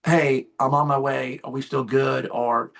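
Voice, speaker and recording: On a call, a man in his fifties who works as an insurance sales agent chats casually, getting fired up and acting out both sides of his client calls. His medium-pitched voice is flat, creaky, a bit bright, and a little slow, heard through call audio.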